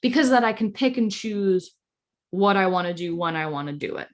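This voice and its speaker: A woman hosting a podcast, chatting fast and bluntly, animated and swearing freely. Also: mid-range voice. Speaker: podcast host. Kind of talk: casual chat.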